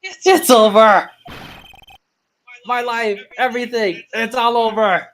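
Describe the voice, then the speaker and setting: A woman's voice: a little high, huge pitch swings, takes it slowly, pitched above the performer's own voice, full character voice. A woman voicing a frantic, despairing young man who wails and sobs melodramatically over his fate. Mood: wailing. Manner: wailing, sobbing, melodramatic.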